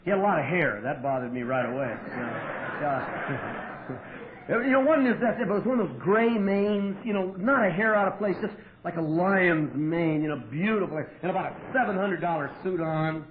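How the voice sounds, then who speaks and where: A man telling his story at a recovery meeting, wry and profane, with sudden loud outbursts. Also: high-pitched, normal speed. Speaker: AA meeting speaker. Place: meeting hall with audience. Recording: tinny lo-fi 1988 tape with faint hiss.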